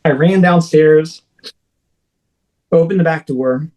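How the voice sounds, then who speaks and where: A man with a voice pitched a little above the usual tells his own story as an interview guest. His delivery is rambling, with lots of fillers and restarts, and he acts out his own shouts along the way. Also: slow, rough recording. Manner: rambling, filler-heavy retelling with frequent "like" and restarts; animated, acting out his own shouts in quoted speech. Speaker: guest recounting personal experiences. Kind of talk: first-person storytelling in a podcast interview.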